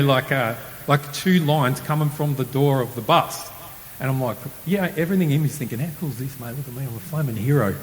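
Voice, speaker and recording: Man telling a lively story. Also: mid-range voice. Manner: animated, acts out quoted voices. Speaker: testimony speaker. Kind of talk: casual storytelling testimony. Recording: roomy hall with faint hiss.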